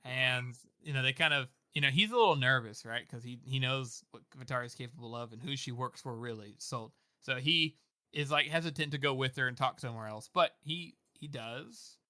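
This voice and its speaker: This podcast co-host is chatting casually about books, rambling with plenty of "like" and "you know" and laughing often. His medium-pitched voice is brisk, pushed, and bright. The recording is dry, with clean studio sound.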